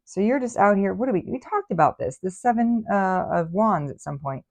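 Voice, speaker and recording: A woman's voice: medium pitch, animated, normal speed. A woman giving a casual tarot reading, sassy and exasperated in her asides. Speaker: tarot reader.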